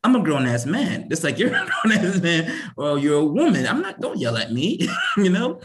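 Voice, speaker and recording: A man's voice: fairly high pitch, huge pitch swings, moderate pace, background noise. A man who is a police officer, talking casually in a conversation, often laughing and acting out exchanges with people.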